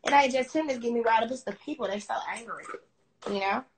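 A woman's voice: a little high, quick pace. A woman ranting angrily on a phone live stream, cursing constantly and repeating herself as she confronts her critics. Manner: heated, cursing, repetitive and confrontational. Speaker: social media personality on a live stream. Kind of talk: profane angry rant on a live stream.

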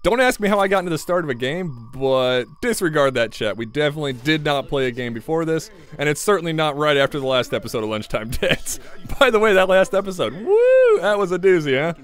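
A young man with a slightly higher voice talks his way through a shooter match in loose, joking commentary. He rambles, mutters to himself and keeps up a running patter while he plays. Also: animated, quick pace, few pauses, fairly bright tone, clear, resonant tone. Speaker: gaming YouTuber. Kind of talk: casual gameplay commentary.

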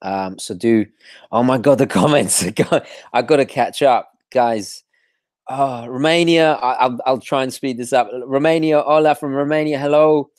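A man hosting a live stream, greeting viewers from the chat in a relaxed way with frequent ums and restarts. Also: mid-range voice, normal speed, no echo, clean studio sound. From London. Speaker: watch channel host.

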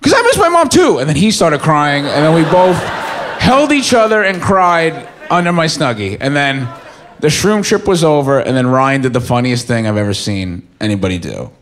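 A young man doing stand-up on stage, telling a story with lots of swearing and swinging between loud bursts and mumbles. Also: fairly high pitch, animated, normal speed. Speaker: stand-up comedian. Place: comedy stage before a live audience. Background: faint audience laughter.

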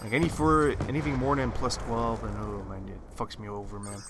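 A man's voice: medium pitch, steady tone, fairly quick. A man from Canada giving casual, rambling gameplay commentary, swearing often and filling his talk with "uh" and "like". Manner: swears often, many fillers, loose storytelling. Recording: game gunfire noise behind voice.

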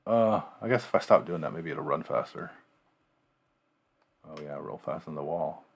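A man's voice: extremely low pitch, lively intonation, moderate pace, gravelly, slightly rough. A man casually commenting on the game he is playing, mumbling and thinking aloud to himself. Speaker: gamer playing a game on video.

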